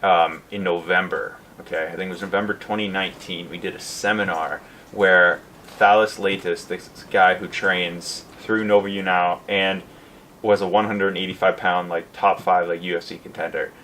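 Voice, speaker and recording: A man hosting a podcast, telling a story in a rambling, animated way with lots of fillers. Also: low-pitched, moderate pace, slight background noise. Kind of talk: casual storytelling.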